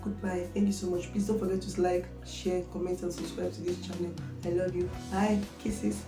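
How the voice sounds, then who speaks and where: A woman's voice: lowish voice, flat delivery, moderate pace, vocal fry, music in the background. A young Nigerian woman vlogging her personal story, earnest, checking with viewers that they understand. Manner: earnest, keeps asking "you understand?". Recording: echoey room.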